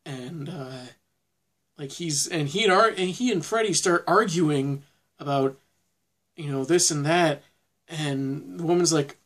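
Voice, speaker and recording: A man's voice: a little high, a little slow, fairly bright tone. A man giving a casual spoken film review, rambling with frequent restarts and fillers.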